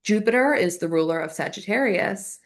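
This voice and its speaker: A woman's voice: mid-range voice, expressive, normal speed. A young adult woman hosting a solo astrology podcast, chatting casually and thinking aloud with lots of fillers.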